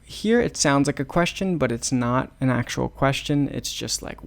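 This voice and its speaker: A man's voice: mid-range voice, animated, normal speed, vocal fry, hardly any pauses. A man teaching English by reading a fairy tale, patiently repeating phrases and explaining words. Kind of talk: slow storytelling lesson for learners.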